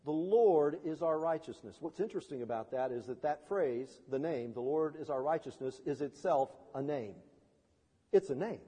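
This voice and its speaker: A male pastor preaching a sermon in a church, swinging between soft and loud and acting out quoted voices. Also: moderate pace, slightly rough, in a large hall. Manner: preaching with wide swings in pitch and loudness, voicing quoted people.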